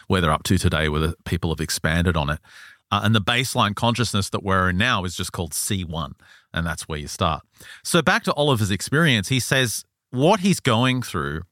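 Low-voiced man retelling a story. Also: a bit bright, no echo, studio quality. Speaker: podcast host. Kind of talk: casual storytelling chat. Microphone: studio mic.

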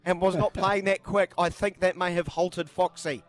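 A man's voice: sits high, level tone, moderate pace. A man hosting talkback sports radio, chatting and reading out listener texts. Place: radio studio.

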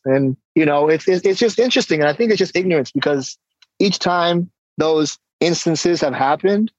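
Man, casual interview guest, animated storytelling, slightly dull dry recording. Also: a little high, moderate pace, no room sound. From San Diego, California. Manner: animated storytelling, acts out exchanges. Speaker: guest, hip-hop artist and coach.

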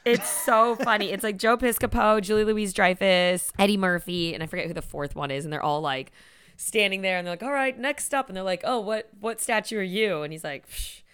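Animated woman retelling comedy sketches. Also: mid-range voice, a little fast, smooth. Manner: animated storytelling with laughs and acted quotes. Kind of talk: casual chat.

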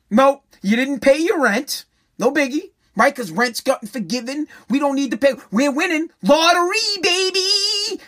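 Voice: mid-range voice, bright, forceful tone. A vlogger delivering a profane, sarcastic rant to viewers, scolding them and repeating lines for emphasis. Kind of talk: ranting monologue to viewers.

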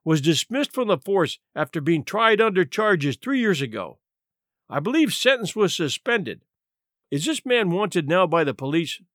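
A man's voice: high-pitched, big pitch swings, a little slow, a bit bright, no echo, clean studio sound, full character voice. A man voicing a down-and-out man who talks with lofty, scornful dignity, in an audiobook story reading. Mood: sly. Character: smooth, haughty male park derelict.

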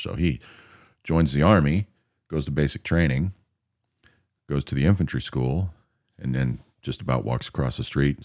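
A man with an extremely deep, low voice tells a story in a relaxed, matter-of-fact way. He sounds close and dry, with no room echo, and briefly acts out the people he quotes. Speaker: storyteller recounting army anecdotes. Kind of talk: casual spoken storytelling.

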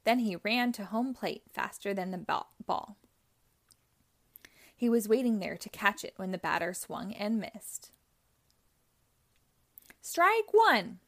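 A woman reading a children's chapter book aloud, narrating slowly and carefully. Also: mid-range voice. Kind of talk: read-aloud storybook narration.

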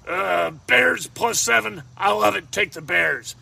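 A man runs through his weekly betting picks, joking and rambling and even talking to himself. His voice sits high and has a gravelly rasp. It comes across bright and edgy. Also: a little slow, few pauses. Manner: jokey, rambling, talks to himself. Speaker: sports betting picks host. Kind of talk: casual picks monologue.

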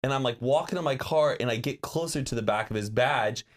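A man's voice: mid-range voice, a little fast. A man in his thirties, a podcast co-host, telling a story in casual chat with lots of acted-out quotes. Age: 30s.

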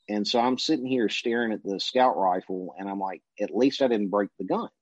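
Low-voiced man telling a story. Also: dry recording. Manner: relaxed anecdotal, briefly mimicking the people he quotes. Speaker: interview guest. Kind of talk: casual storytelling. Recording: dull lo-fi recording.

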